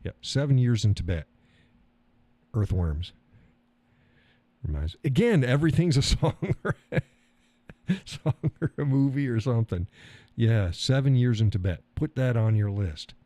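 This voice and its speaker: A man's voice: medium pitch, very animated, unhurried, long pauses, mellow, dry recording. A middle-aged man hosting a live stream, chatting loosely, cursing now and then and chuckling as he talks to his chat. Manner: rambling, swears casually, chuckles often. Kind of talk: casual chat reading viewer comments.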